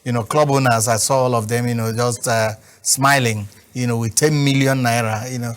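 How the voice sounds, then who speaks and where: A Nigerian-accented man speaks as a football pundit. He rambles on and leans on "you know" again and again, his voice sitting at a mid pitch. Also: steady tone, normal speed, smooth. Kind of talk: studio sports talk.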